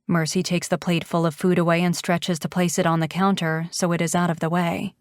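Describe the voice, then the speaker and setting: A woman narrating a first-person romance audiobook in an expressive, intimate way. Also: lowish voice, brisk, no echo, clean studio sound.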